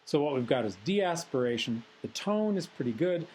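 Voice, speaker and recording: A man teaching a recorded software tutorial lecture, methodical and explanatory with frequent ums. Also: on the high side, lively intonation, moderate pace, a little hiss or hum, rough recording. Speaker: instructor.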